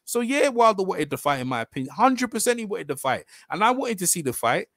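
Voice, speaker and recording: A man's voice: sits high, very animated, fairly quick, fairly bright tone, dry recording, studio quality. A man hosting a live boxing chat on a video call, arguing emphatically and repeating himself. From England. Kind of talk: heated casual debate.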